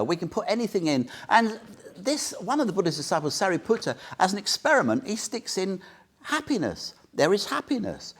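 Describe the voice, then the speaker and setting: A man's voice: sits high, slightly rough. A man giving an informal Buddhist talk to a small group, chatty and joking, often quizzing his listeners. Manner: chatty, jokey, asks the group questions. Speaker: Buddhist teacher. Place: meditation centre room.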